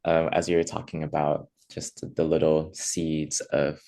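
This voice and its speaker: A man's voice: rumbling low, completely flat delivery, unhurried, dark tone. A man facilitating a stage conversation, who reflects on what the guest said and asks affirming questions full of "like" fillers. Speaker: session facilitator, interviewer.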